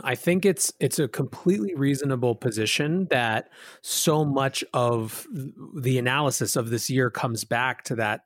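Measured male podcast host, dry sound. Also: mid-range voice, dry recording. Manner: measured, thoughtful, halting restarts. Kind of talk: conversational podcast commentary.

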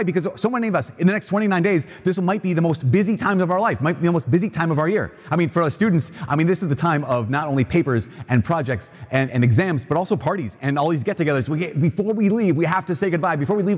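The long reverb of a large church surrounds this cathedral homily at Mass. The priest's voice is a little high and husky, earnest and conversational, and he repeats himself often as he builds toward a point.

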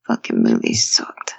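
A woman's voice: a little mellow, dry recording. A woman co-hosting a casual movie-review podcast who speaks bluntly and swears freely. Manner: blunt and profane. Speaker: podcast co-host.

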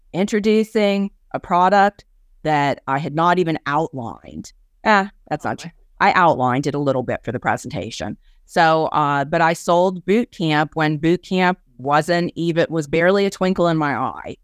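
A woman in her sixties, a ministry speaker and guest, tells stories in a lively, conversational way and acts out the people she quotes. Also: low-pitched, normal speed, clean tone, no echo, clean studio sound. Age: 60s. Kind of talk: conversational storytelling.

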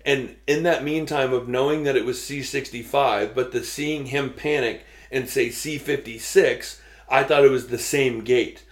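A man's voice: medium pitch, unhurried, hardly any pauses. Man telling a travel story, roomy sound. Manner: animated storyteller, quotes people. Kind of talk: casual chat. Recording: roomy echo.

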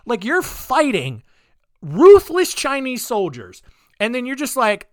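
A man's voice: extremely high pitch, huge pitch swings, slow pace, no room sound, studio quality. A male podcast host telling history stories in a joking, rambling way full of asides. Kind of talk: comedic history storytelling.

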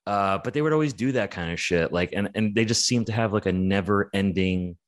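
A man's voice: lowish voice, fairly quick. A man in casual, rambling, profane chat about the metal scene, full of fillers.

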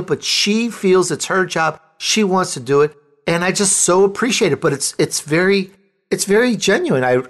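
A man's voice: high-pitched, fairly bright tone. Enthusiastic male talk show host. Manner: enthusiastic, effusive. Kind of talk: interview conversation.

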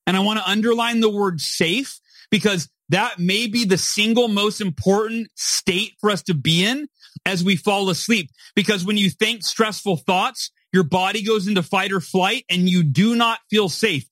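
On a podcast, a guest author in his forties explains things at normal speed in a high, somewhat bright voice, recorded without room sound. He's emphatic and motivational, and keeps finishing his points with "right?"

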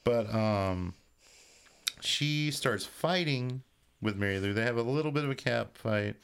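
A man's voice: mid-range voice, unhurried, creaky, a bit bright, clear, resonant tone. A man co-hosting a horror movie podcast, recapping a plot in a loose, profane storytelling way. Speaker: podcast co-host. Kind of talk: casual chat, recapping a film plot.

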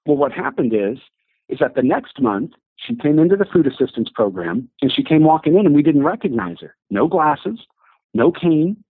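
A man telling an animated story of faith as an interview guest, acting out the voices of the people he quotes. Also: fairly high pitch, normal speed, husky, dry recording. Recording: dry, tinny phone-like audio.

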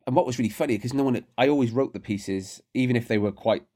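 A man telling rapid, animated anecdotes as a podcast guest, often restarting his sentences. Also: medium pitch. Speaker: guest, rugby writer. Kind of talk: casual storytelling interview.

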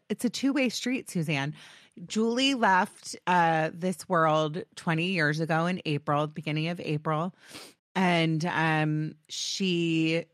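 Low-voiced woman podcast host, heartfelt. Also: fairly bright tone, no room sound, clean studio sound. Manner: halting, many ums, heartfelt. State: getting emotional. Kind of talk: emotional podcast talk.

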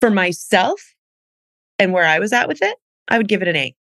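A woman's voice: medium pitch, big pitch swings, brisk, a bit bright, no echo. A woman guest in casual chat, enthusiastic and rambling, often cutting herself off mid-thought. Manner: enthusiastic, rambling, self-interrupting. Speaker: guest, actress.

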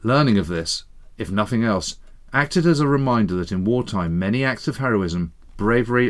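A man reading a listener's family story aloud in a measured, earnest way on a podcast. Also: lowish voice. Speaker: reader of listener letters.

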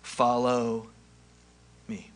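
A man preaching a sermon in a conversational way, acting out quoted lines and swinging from loud to hushed. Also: medium pitch, monotone, drawn-out words. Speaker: pastor.

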